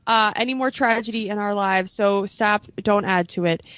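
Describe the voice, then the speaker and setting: A woman's voice: mid-range voice, moderate pace, a bit bright, no room sound. A woman co-hosting a casual podcast, talking earnestly from a note she wrote, with plenty of "uh"s along the way. Her voice is recorded close and dry, and the sound is a little dull and lo-fi. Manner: earnest, reads a prepared note with fillers. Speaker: podcast co-host. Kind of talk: casual podcast safety talk.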